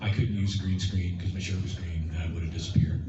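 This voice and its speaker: Animated man on a convention panel, low voice. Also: quick pace, far from the mic, very noisy. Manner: animated, acts out lines in playful voices. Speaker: guest at a fan convention panel. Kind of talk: casual Q&A storytelling. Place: large convention hall. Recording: muffled, echoey hall from afar. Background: crowd ambience.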